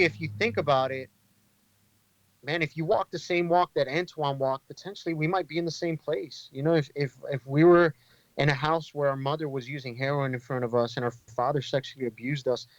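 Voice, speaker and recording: A man's voice: a little high, brisk, no echo, dull audio. A man who leads an inner-city ministry, a guest on a podcast, telling stories in an earnest, conversational way with many fillers and restarts. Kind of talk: storytelling in a casual interview.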